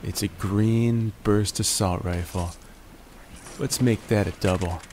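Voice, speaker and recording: A man in a groggy morning voice narrating his gameplay, relaxed and jokey, making little puns as he goes. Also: lowish voice, slow pace, a little hiss or hum. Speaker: gaming video host. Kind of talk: gameplay commentary.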